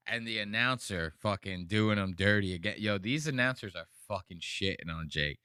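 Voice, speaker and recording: Brash man with a bright voice. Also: lowish voice, moderate pace, few pauses, smooth, dry recording, studio quality. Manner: crude, animated, mocking impressions. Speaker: podcast host. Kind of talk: casual chat reacting to fight clips.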